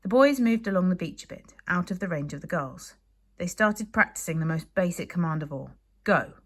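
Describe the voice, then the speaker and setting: A woman teacher from the UK reads a chapter book aloud to young pupils, lively and expressive. Her voice sits a little low for a woman. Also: a little fast. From United Kingdom. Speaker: primary school teacher. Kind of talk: reading a children's book aloud to a class.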